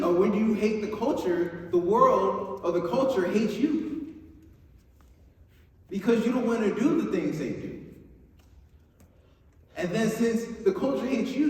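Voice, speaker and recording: A young man preaching a youth sermon in an upbeat, chatty way, often checking in with his listeners. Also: high-pitched. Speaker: youth pastor. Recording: echoey hall, mic far off, faint noise.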